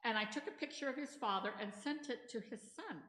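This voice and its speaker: A middle-aged woman with a bright, forceful, slightly high voice leads a church training session. She talks in a chatty way, wandering into stories and asides. The sound comes from a roomy hall with a long tail of reverb. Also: a little fast, a little hiss or hum. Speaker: disaster response trainer. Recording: echoey hall.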